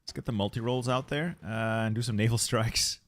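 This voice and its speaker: A young adult man with a mid-pitched voice, live-streaming a strategy game. He talks casually to himself as he plans, stalling and repeating words before he commits to a move. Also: fairly quick, no echo. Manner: thinking aloud, relaxed, repeats words while planning.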